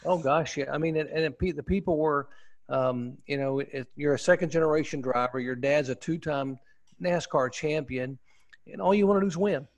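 A man's voice: fairly high pitch, normal speed, dry recording. A man and former pit reporter, telling a story in a casual interview, enthusiastic and rambling with restarts. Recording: dull, muffled lo-fi audio.

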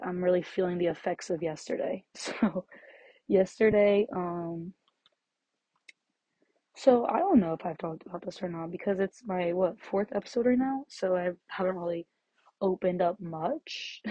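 A young woman hosting her own podcast, rambling casually and laughing often, her voice shaky and her breathing loud with anxiety as she walks around her bedroom. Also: on the low side, husky, no room sound. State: anxious and shaky, breathing loudly. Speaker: podcast host. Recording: slightly dull, dry lo-fi home recording.

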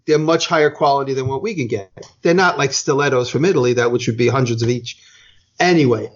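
Rambling American man telling a story. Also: mid-range voice. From United States. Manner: rambling, self-correcting, profane. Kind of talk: casual storytelling. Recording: dull lo-fi sound.

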